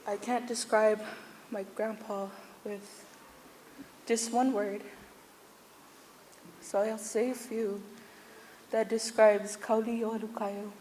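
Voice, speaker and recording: A woman's voice: mid-range voice, level tone, slow pace, pauses often, darkish tone. A woman giving a funeral tribute to her grandfather, holding back tears while telling funny stories about him. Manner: tearful yet humorous storytelling. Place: church service. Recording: echoey hall with faint noise.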